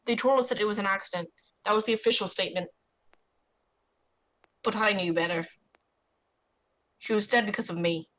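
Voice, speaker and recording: Bright-voiced woman streamer reading a game. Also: medium pitch, poor audio. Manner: expressive, swearing, quick reactions. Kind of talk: reading a story game aloud with commentary.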